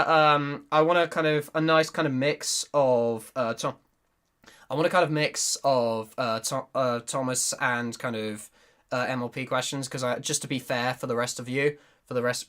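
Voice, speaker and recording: A man's voice: mid-range voice, fairly even intonation, normal speed, a bit bright, clean tone. A young man, hosting a casual livestream Q&A, reading chat and rambling with frequent giggles. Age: young adult. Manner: giggly, rambling, restarts sentences often. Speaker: YouTuber and voice actor hosting a Q&A.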